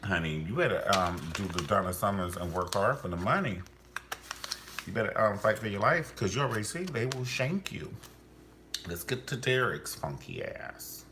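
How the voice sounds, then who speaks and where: Deep-voiced man ranting about a TV show. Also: very animated, normal speed, background noise. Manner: blunt, profane, theatrical swings in pitch. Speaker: TV show reviewer. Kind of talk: ranting commentary vlog.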